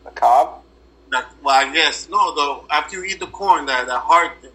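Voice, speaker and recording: Guy on a laptop mic, lots of ums, kinda high voice, swearing casually. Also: moderate pace, sharp tone. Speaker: podcast guest. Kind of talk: casual chat.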